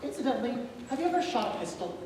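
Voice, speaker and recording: A student actor playing a cautious, businesslike escape organizer giving calm instructions in a live stage play. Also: medium pitch, rapid-fire, close to an everyday voice. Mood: instructing. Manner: calm, matter-of-fact instructing. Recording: echoey hall from far off, noisy.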